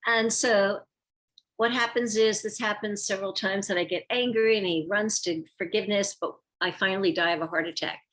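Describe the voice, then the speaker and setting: This older woman, formerly a ballet dancer, talks about her career in a casual interview at normal speed and medium pitch. Lively in her storytelling, she voices the lines of those she quotes.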